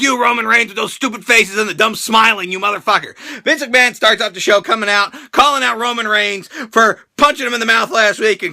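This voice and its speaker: A young man hosting a crude, excitable, jokey wrestling reaction rant. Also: sits high, fairly quick, few pauses. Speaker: wrestling show reaction host. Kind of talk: profane comedic rant review.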